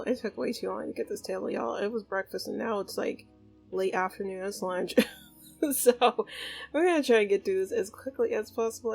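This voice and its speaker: Casting note: woman, mid-pitched, chatty let's-play narrator who voices her game characters, faint music under her. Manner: chatty, voices the sims in quick asides, laughs often. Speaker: gaming YouTuber.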